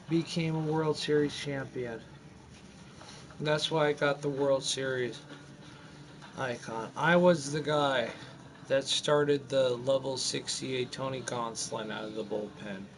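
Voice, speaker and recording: A man in his forties casually telling a rambling story over his gameplay, animated and full of restarts. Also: medium pitch, background noise. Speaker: gamer narrating his gameplay.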